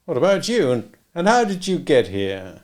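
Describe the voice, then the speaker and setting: A man's voice: fairly high pitch, wildly swooping pitch, moderate pace, a little mellow, pitched above the performer's own voice. A man voicing a confident, sarcastic male spy with a cool, bantering manner.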